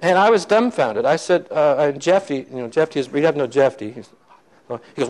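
A man's voice: a little high, lively intonation, fairly quick, a little mellow, rough recording. A man preaching, telling a story to his congregation and acting out the voices of the people in it. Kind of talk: sermon storytelling.

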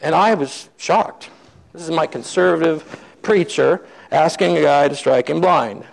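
A man's voice: on the high side, unhurried, creaky, poor audio. A man preaching, telling a story to his congregation and acting out the voices of the people in it. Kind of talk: sermon storytelling.

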